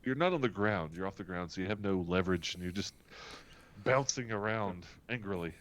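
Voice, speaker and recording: A man runs a tabletop game as its game master, his voice sitting low but swinging widely as he narrates. He calls rules and enemy moves in a lively, chuckling way. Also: fairly quick.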